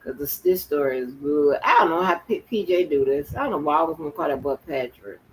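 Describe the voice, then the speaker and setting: A man's voice: a little high, a little hiss or hum, low-quality recording. A man hosting a casual reaction chat, laughing and restarting his sentences as he finds the right clip. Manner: chatty, laughs often, slow restarts. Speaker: host reacting to a story.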